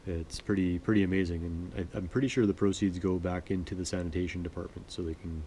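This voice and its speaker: Deep-voiced laid-back man. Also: steady tone, fast talker, mellow, slight background noise. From Manitoba, Canada. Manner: rambling, laid-back, self-deprecating. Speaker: sewing vlogger. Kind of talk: relaxed casual chat.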